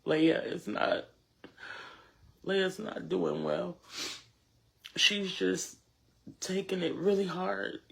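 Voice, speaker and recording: A grieving mother speaks in a slow, heavy, tearful way, drained and exhausted. Her voice is gravelly and creaky, and she stops and repeats phrases as she thanks people. Her words come out halting and pleading. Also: on the low side, fairly even intonation, a bit bright. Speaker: mother of a shooting victim. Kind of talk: emotional public statement.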